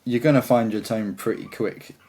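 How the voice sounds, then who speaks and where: A man's voice: mid-range voice, normal speed, mellow, a little hiss or hum. A man chatting as a guitarist guest in an interview, talking in a rambling, enthusiastic way. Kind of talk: casual interview chat.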